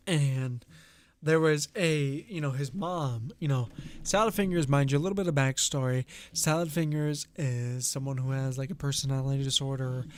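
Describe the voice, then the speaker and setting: A man's voice: fairly high pitch, a little hiss or hum. A man hosting a casual live stream chat, telling a rambling story and slipping into quoted voices. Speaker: streamer host.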